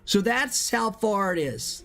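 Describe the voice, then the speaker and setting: Slow-talking excitable game streamer. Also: soft background music. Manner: excitable, slangy, bursts into high shouts. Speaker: Minecraft streamer. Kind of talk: live gameplay chat.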